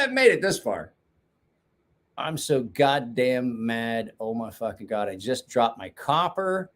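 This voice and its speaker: A man in his forties hosting a casual knife-sharpening chat show from his garage, rambling, swearing and laughing often. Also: fairly high pitch. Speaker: knife sharpening podcast host. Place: home garage.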